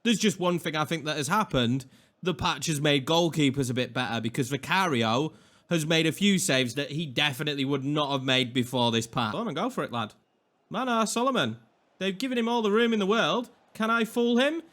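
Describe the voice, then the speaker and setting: A young man with a Yorkshire accent giving casual, excitable commentary over a football video game, chatty and quick to swing between hype and grumbling. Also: a little high. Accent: Northern English (Yorkshire). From England. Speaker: gaming YouTuber.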